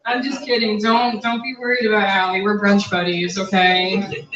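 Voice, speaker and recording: A woman's voice: medium pitch, flat delivery, normal speed, fairly bright tone. A woman in her twenties doing a crude, brash stand-up set on a bar stage. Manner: brash, crude, conversational punchlines. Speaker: stand-up comic. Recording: roomy, distant, dull, crowd laughter.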